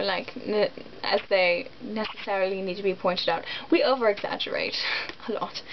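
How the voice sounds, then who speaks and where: A young American woman vlogging in a rambling, giggly way, full of ums and likes. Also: fairly high pitch. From United States. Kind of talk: casual chat to camera. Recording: dull lo-fi sound with faint noise.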